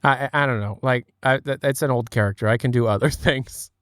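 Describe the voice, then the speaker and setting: A man's voice: medium pitch, a little fast, clear, resonant tone, no room sound, clean studio sound. A man streaming from home, chatting casually, joking and laughing at his own bits. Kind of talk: casual chat.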